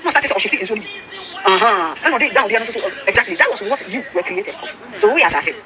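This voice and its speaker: A woman's voice: on the high side, sing-song, quick pace, a crowd in the background. A Ghanaian woman pastor with a Ghanaian accent, preaching emphatically and mixing English with Twi. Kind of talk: preaching talk-show discussion.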